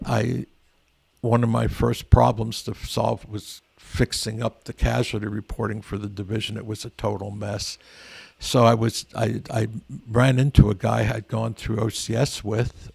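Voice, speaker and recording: A man's voice: fairly low pitch, vocal fry, darkish tone, husky, dry recording. An older man, a veteran guest, telling stories in a rambling, earnest way with frequent restarts. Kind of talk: casual storytelling interview.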